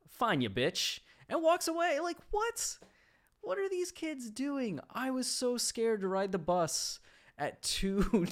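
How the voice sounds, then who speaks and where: A man hosting a casual monologue about a book, telling animated stories and laughing often, turning slower and reflective on the ideas. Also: on the low side. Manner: animated storyteller, laughs often mid-sentence. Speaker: host.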